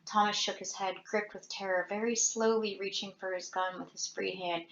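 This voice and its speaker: A woman reading a novel aloud with dramatic, expressive narration. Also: mid-range voice, normal speed, hardly any pauses. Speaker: audiobook reader. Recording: roomy, dull lo-fi home recording.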